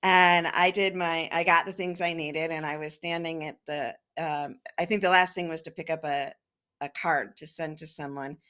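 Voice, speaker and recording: A woman's voice: low-pitched, fairly even intonation, normal speed, sharp tone, smooth. A woman life coach, a podcast guest, answering in a thoughtful, hesitant way. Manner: thoughtful, hesitant, with fillers and restarts. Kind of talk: casual interview answer.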